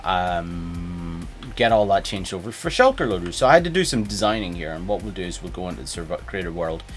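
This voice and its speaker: A man streaming a game, talking casually and jumping between topics with chat. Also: low-pitched. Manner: animated, chatty, jumps between topics.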